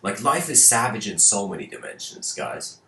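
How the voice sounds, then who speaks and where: A man's voice: on the low side, huge pitch swings, moderate pace, vocal fry, sharp tone, roomy sound. A man whose first language is Persian, talking casually to viewers, rambling through fables with frequent laughs and restarted words.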